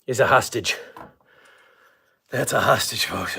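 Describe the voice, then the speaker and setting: A man's voice: medium pitch, measured pace, gravelly, long pauses, sharp tone, husky. An older man hosting a casual livestream, rambling and joking with viewers, at times out of breath. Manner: rambling, jokey, talks to chat. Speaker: livestream host.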